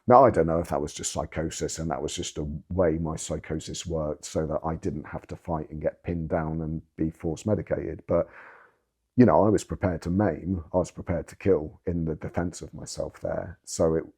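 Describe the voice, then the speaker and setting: A man with a low, husky voice, speaking in an interview. He tells his story candidly and earnestly, leaning hard on words and swearing for emphasis. His tone is dark and mellow. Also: fairly even intonation, normal speed. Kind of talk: candid personal testimony.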